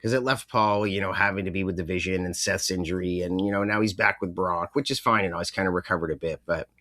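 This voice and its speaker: A young man co-hosts a casual podcast, rambling through his points with plenty of fillers and the odd curse. His voice sits on the low side. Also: fairly even intonation, fast talker, pushed and bright. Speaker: podcast co-host. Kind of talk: casual chat.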